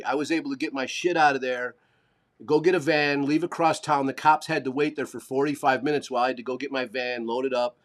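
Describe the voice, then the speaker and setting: Guy on a livestream telling a wild story, swears a lot, does the voices, medium pitch. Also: a little fast. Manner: animated, swearing, acts out quoted voices. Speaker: podcast co-host. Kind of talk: casual storytelling chat.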